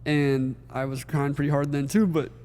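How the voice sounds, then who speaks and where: A man talking casually and a little emotionally, rambling through a story. His voice sits a touch high for a man. It carries a long hall reverb around it. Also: little pitch movement, moderate pace, a little mellow. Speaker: podcast co-host. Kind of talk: casual chat. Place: wedding venue.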